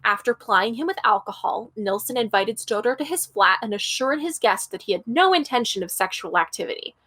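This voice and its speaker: A woman's voice: fairly high pitch, expressive, a little fast, a bit bright. A woman co-hosting a podcast, reading a true-crime case from her notes in a casual way, tripping over place names and adding blunt comments. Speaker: podcast co-host.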